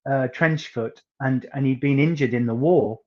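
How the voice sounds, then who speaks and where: A singer from northeast England with a soft northeast English accent talks as an interview guest. He tells stories in a chatty, anecdotal way and leans on words with theatrical emphasis. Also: mid-range voice, moderate pace, dull audio.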